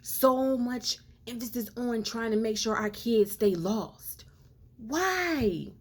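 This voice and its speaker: Slowly and with fairly even intonation, a woman with a slightly high voice addresses the camera as a social commentator. The passionate monologue turns earnest and preachy as she piles on rhetorical questions and lengthens words to stress them.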